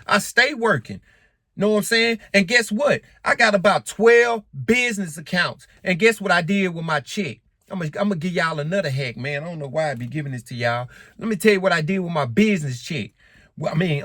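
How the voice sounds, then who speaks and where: A man vlogging casually to camera in African American Vernacular English, animated and emphatic, often repeating himself. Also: fairly high pitch, no echo, clean studio sound. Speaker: credit and finance vlogger.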